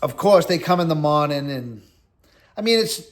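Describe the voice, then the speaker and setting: A middle-aged Boston-area man hosts a casual monologue about his time in prison, his voice a little high and expressive at a moderate pace. He rambles conversationally, bluntly, in street talk full of "like" and "you know."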